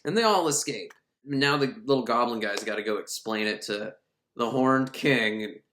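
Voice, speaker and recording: A man giving a casual, irreverent recap of an animated film, rambling and laughing as he goes. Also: mid-range voice, normal speed, slight background noise. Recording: roomy echo.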